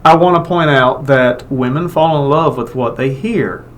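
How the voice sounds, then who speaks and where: A man's voice: medium pitch, normal speed, a little hiss or hum. A man co-hosting a radio morning show, telling jokey stories. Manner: joking storyteller. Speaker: radio co-host. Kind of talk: casual radio banter.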